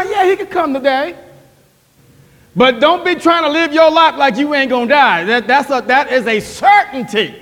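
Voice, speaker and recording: High-voiced man preaching in a reverberant church. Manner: fervent, repeats himself, builds to shouts; talks straight to the congregation with questions. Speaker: pastor. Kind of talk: sermon. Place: church sanctuary.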